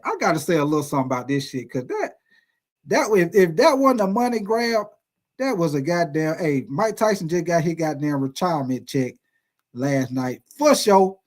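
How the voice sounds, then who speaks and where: A man in his forties hosting a sports video, telling stories in a profane, animated, casual rant. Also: fairly high pitch. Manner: profane, animated storytelling with lots of swearing.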